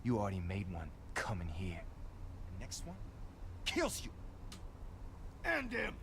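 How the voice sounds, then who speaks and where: A man's voice: lowish voice, huge pitch swings, unhurried, fairly bright tone, slight background noise, full character voice. An actor playing a menacing male street mugger in a video game. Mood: threatening. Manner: threatening.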